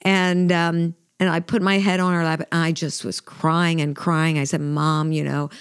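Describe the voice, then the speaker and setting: With a smooth, low-leaning voice and a flat delivery at normal speed, a middle-aged woman shares a personal story on a faith podcast she co-hosts. It's heartfelt conversational storytelling, earnest and emotional, with many fillers and restarts. The studio-quality audio has no room sound.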